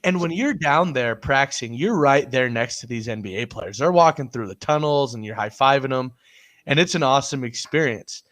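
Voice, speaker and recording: A man's voice: mid-range voice, expressive, moderate pace, a bit bright. A man co-hosting a casual sports chat, telling a story with frequent laughs. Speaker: podcast co-host.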